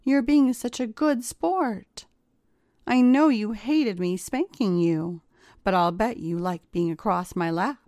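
A woman's voice: medium pitch, takes it slowly, a little mellow, dry recording, clean studio sound. A woman voicing a cheerful, teasing young woman who speaks in a bubbly, coaxing way.

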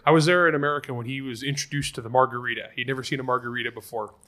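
A man with a bright, mid-pitched voice hosts a podcast. He tells his stories in a lively, casual way. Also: rapid-fire. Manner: lively storyteller. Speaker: podcast host. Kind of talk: casual anecdote telling.

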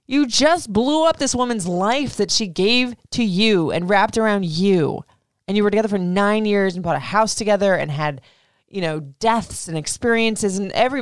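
A woman podcast host giving a casual, animated recap rant about a reality show. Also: medium pitch, normal speed, no room sound, clean studio sound. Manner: animated, indignant, swearing.

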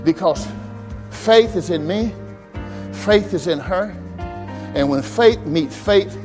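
High-voiced preaching man in a reverberant church. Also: animated, takes it slowly. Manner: preaching with call-and-response, rising to shouts; storytelling with acted quotes and sound effects. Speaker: pastor. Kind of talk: sermon. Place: church sanctuary. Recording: church service recording with long hall reverb and faint music.

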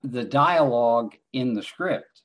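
A man's voice: medium pitch, expressive, slow. A man, an actor guest in an interview, answering in a wry, self-deprecating way. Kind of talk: casual interview.

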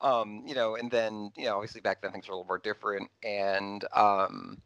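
A man's voice: on the low side, brisk, dry recording, highs cut off. A man in casual conversation about an old film, rambling with many fillers. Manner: rambling, animated, lots of fillers.

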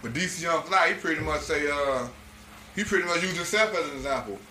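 A man's voice: on the high side, expressive, fairly quick, bright, forceful tone, echoey room, slight background noise. A man on a casual podcast, telling stories with energy and acting out the people he quotes. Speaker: podcast co-host.

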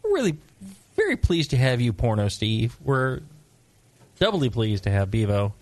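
A man's voice: medium pitch, huge pitch swings, moderate pace, darkish tone, no room sound. A man hosting a casual beer talk show, joking and teasing his guests. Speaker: podcast host.

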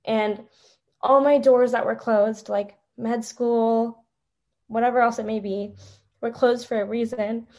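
A young woman, a podcast guest, telling an emotional personal story in a halting, tearful way with many fillers. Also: on the high side, fairly even intonation, dark tone.

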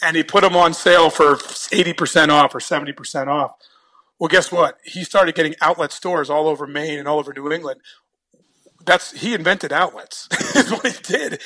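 A man from New Jersey spins a long story in easy, rambling conversation. His voice sits a little high and sounds bright and sharp. He often stumbles over his first words and breaks into laughs. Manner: chatty, repeats words when starting sentences, laughs often. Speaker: guest telling a story. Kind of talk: casual storytelling.

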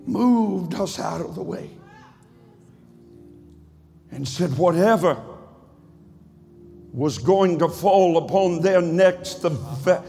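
A man preaching in a high, ringing voice, drawing his lines out slowly before they rise into shouts. His words roll through a church hall with a long tail of reverb, while faint music plays underneath. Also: gravelly. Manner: rhythmic preaching, swells to shouts. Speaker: pastor. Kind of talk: sermon. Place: church sanctuary.

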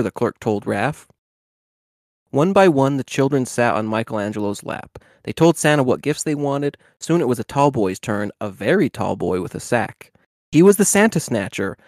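A man co-hosting a podcast, reading a children's book aloud in a steady way, with the odd stumble. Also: medium pitch, moderate pace, no room sound, studio quality. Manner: steady reading with small slips and restarts. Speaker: podcast co-host.

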